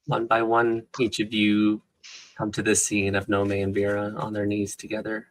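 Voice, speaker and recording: A man narrating a tabletop role-playing game in a calm, measured way. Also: fairly low pitch, no room sound, poor audio.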